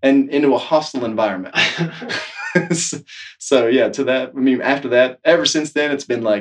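A man, a snowboard instructor, telling an animated story about a colleague, full of asides. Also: medium pitch, normal speed, distant mic. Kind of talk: casual storytelling.

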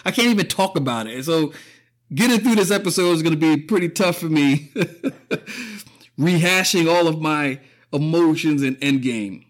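A man with a somewhat higher-than-usual voice hosts a podcast in a casual, swear-heavy monologue. He is openly emotional, fighting back tears and breaking into laughter as he goes. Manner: emotional, profane, choking up with frequent laughs. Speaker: podcast host.

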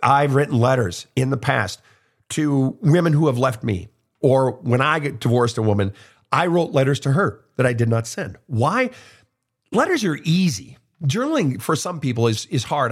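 A man's voice: medium pitch, animated, normal speed, slightly rough. A middle-aged man hosting a casual advice monologue, blunt and profane as he answers listener questions. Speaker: host, soul counselor.

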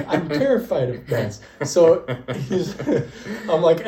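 This young man's voice is on the high side and unhurried. Co-hosting a podcast, he tells stories casually, laughs often and performs the quoted dialogue with lively energy, recorded in an echoey room.

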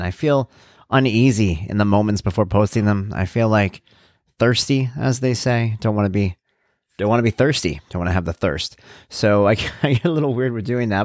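Lively dad hosting a podcast. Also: male voice, mid-range voice, no echo, clean studio sound. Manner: lively conversational storytelling with voiced quotes. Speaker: podcast host. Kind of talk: casual solo podcast monologue.

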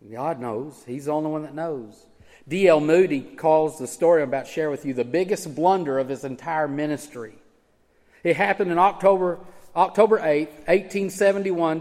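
A man preaching a sermon as pastor, emphatic, swinging from loud urging to hushed low tones. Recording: church hall with long reverb.

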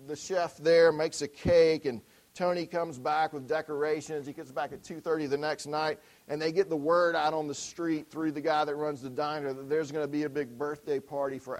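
A man preaching through an anecdote, his voice sitting a little high for a man. He tells it in a lively, animated way, slipping into the characters' voices. The delivery builds toward a direct appeal to the congregation. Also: low-quality recording. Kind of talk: sermon illustration storytelling.

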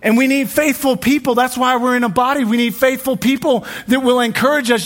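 A young male pastor preaching in a relaxed, conversational way, with joking asides and frequent restarts, in a church. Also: very high-pitched, a little fast, hardly any pauses. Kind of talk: sermon.

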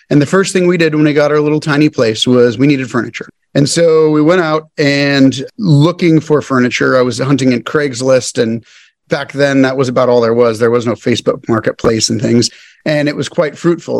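Man telling a lively story. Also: fairly high pitch, dry recording. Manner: animated storyteller who acts out quoted dialogue. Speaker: podcast guest, entrepreneur. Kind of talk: casual storytelling interview.

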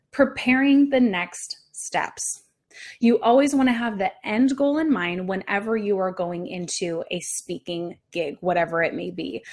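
A woman hosting a podcast, giving a motivational teaching talk in an upbeat, direct way, with deliberately varied, sing-song intonation. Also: medium pitch. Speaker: podcast host and visibility coach.

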